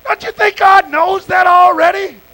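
A man's voice: very high-pitched, steady tone, moderate pace, pushed and bright, raised voice, poor audio. A man preaching an impassioned sermon, talking to the congregation in a folksy, conversational way. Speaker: pastor.

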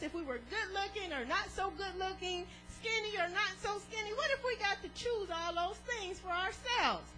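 A woman preaching a sermon in an animated way, laughing often and drawing the congregation into call and response. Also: extremely high pitch, poor audio.

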